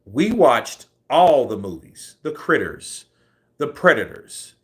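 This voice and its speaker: A man's voice: medium pitch, big pitch swings, takes it slowly, a bit bright. A man in his forties, a boxing commentary host, telling a rambling, profanity-laced story in a casual way.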